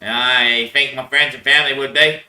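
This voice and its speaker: A man's voice: mid-range voice, steady tone, moderate pace, pushed and bright. An Australian man in a rambling casual monologue, swearing a lot and laughing between phrases. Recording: echoey room, voice far from mic.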